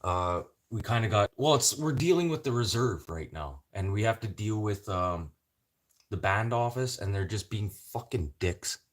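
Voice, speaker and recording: A man from Canada hosting a casual livestream chat, swearing freely and rambling between topics with sudden loud bursts. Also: on the low side, expressive, normal speed. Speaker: livestream host.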